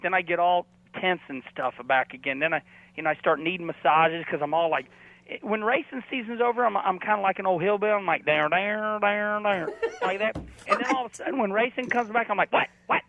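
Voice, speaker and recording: Brief: high, gravelly male guest, rambling and jokey, heard over a tinny phone line. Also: fast talker, a bit bright, no echo. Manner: rambling, jokey, lots of "you know". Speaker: race car driver guest. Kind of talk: casual phone-in chat.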